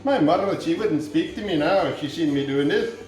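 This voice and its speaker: Irish male host, comic cooking demo, high voice, deadpan rambling, boomy echoing home kitchen. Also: brisk, faint music behind. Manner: jokey, rambling, deadpan asides.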